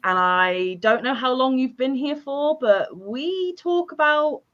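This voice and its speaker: A woman's voice: high voice, expressive, slow pace, fairly bright tone, dull audio. A woman hosting a casual livestream chat, reading viewer comments aloud and joking at her own expense. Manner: self-deprecating, laughs often. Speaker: livestream host.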